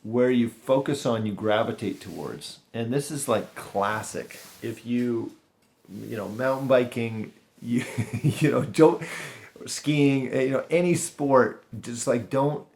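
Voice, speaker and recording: A man hosting a podcast, telling a story in a rambling, animated way from his home kitchen. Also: medium pitch, slow pace. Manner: rambling and animated, with restarts and laughter. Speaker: podcast host. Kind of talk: casual storytelling monologue.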